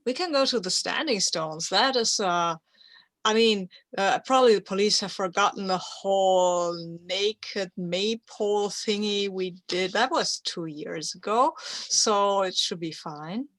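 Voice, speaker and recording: A woman's voice: medium pitch, unhurried, a bit bright, dry recording. Bubbly woman at a tabletop game. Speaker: player. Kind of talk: playing a tabletop game in character.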